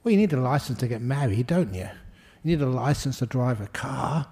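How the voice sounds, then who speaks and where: A man's voice: mid-range voice, lively intonation, a little fast, warm tone, breathy edge. A monk giving a humorous dharma talk, jokey and self-deprecating, laughing at his own jokes. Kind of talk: humorous spoken sermon.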